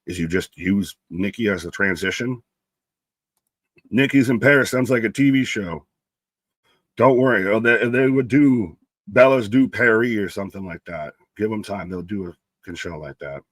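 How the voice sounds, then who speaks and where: A young man co-hosts a live wrestling watch-along from a home setup, talking casually and greeting chatters by name. His voice sits low. The sound is dry and close to the mic. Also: normal speed, no echo. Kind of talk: casual live-stream chat, reading viewer comments.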